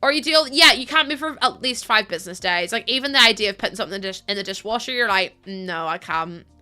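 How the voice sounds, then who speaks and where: A woman's voice: fairly high pitch, rapid-fire, pushed and bright. A woman, chatting casually on a live stream as she builds in a game, tired from little sleep and rambling with fillers and laughs.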